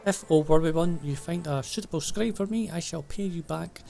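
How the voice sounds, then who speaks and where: A man's voice: fairly high pitch, normal speed, vocal fry, warm tone, soft background music. A man reading game dialogue aloud as a flamboyant young woman traveller, grandiose and mystical, with flowery, theatrical phrasing.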